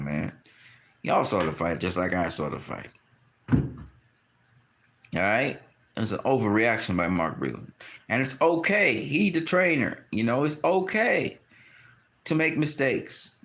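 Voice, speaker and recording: A man giving a casual, animated boxing opinion rant, often laughing and acting out quotes in high shouted voices. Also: measured pace, gravelly, long pauses. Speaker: boxing commentator.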